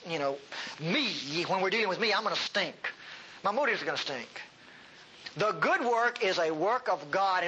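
Male pastor, high voice, lively folksy sermon delivery with humor. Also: slight background noise, low-quality recording. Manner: animated, folksy, humorous, emphatic.

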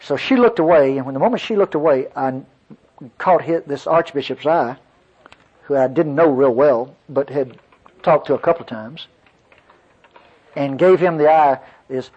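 A man's voice: on the high side, moderate pace, pauses often, a little mellow, husky. A man preaching a folksy sermon to his congregation, telling a story and calling out to the listeners. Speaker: pastor. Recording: dull lo-fi sermon recording.

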